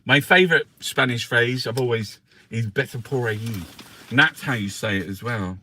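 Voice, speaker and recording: A man chats loosely through the papers with a sweary, joking manner, talking straight to his viewers. His voice is bright and forward, with a faint hiss of noise behind him. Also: medium pitch, lively intonation, moderate pace. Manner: sweary, chatty, jokey asides to viewers. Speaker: livestream host reviewing newspapers. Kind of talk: casual live chat.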